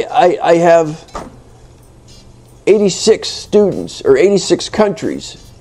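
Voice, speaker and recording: A man's voice: a little high, darkish tone. An American man hosting a casual spoken English lesson, rambling and playfully teasing his viewers, with lots of fillers and restarts. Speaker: English teacher and channel host. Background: faint background music.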